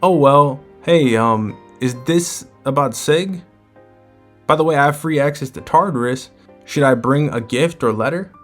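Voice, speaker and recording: A man's voice: a little high, a little slow, faint music behind, pitched above the performer's own voice, natural voice. A man voicing a scheming, playful male trickster god, chatty and teasing as he reads the lines in a manga recap. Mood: awkward cajoling.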